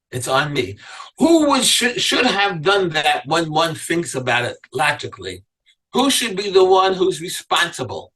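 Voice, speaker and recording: A man's voice: medium pitch, sharp tone, recorded from a distance, low-quality recording. A man teaching a Torah class as a rabbi, reading verses aloud and then asking his listeners pointed questions. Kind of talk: Torah lecture to a live class.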